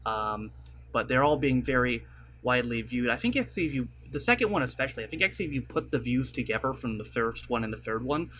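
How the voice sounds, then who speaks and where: A man's voice: mid-range voice, expressive, fast, fairly bright tone, slight background noise. Rambling young man talking to his webcam. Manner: rambling, filler-heavy, apologetic. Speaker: YouTuber. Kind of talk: casual vlog talk to camera. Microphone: desk mic at webcam setup.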